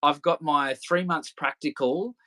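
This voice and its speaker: A man's voice: on the high side, measured pace, a bit bright. Rambling, laughing man. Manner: loose, rambling, swears freely, laughs often. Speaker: podcast guest. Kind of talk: casual storytelling interview.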